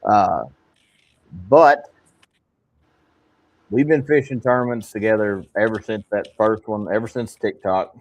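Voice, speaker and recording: Low-voiced calm man chatting on a podcast. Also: unhurried, pauses often, highs cut off. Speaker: podcast host. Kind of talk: casual podcast chat.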